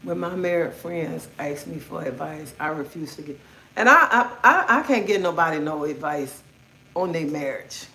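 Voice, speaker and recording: A woman's voice: low-pitched, expressive, moderate pace, bright, forceful tone, a little hiss or hum. A middle-aged woman hosting a livestream, ranting in a blunt, outspoken way and swearing freely. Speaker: livestream host. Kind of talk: casual livestream rant. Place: indoors at home. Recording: echoey room.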